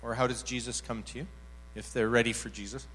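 A man's voice: mid-range voice, level tone, brisk, a bit bright. A man speaking at a church workshop, telling an anecdote and acting out the quoted voices with animation. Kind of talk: teaching talk with acted anecdote.

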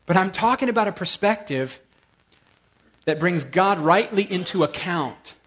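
A man preaching a sermon in a lively, emphatic way, often repeating words to drive a point home. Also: high-pitched, a little slow, breathy edge.

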